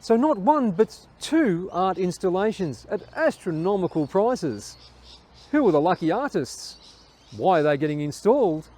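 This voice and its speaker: A man plays a mock newsreader with a high voice that swoops up and down. He fires off incredulous, theatrical questions in a comedy sketch. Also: very animated, moderate pace, darkish tone. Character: mock news anchor, male, arch and incredulous. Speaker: sketch host. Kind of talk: parody news report.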